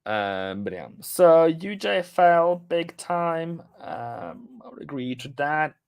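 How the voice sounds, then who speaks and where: A man's voice: on the high side, animated, slow, gravelly, a little mellow, smooth, no echo, studio quality. A man casually commenting on a live trading stream, rambling and chatting with viewers as he goes through the charts.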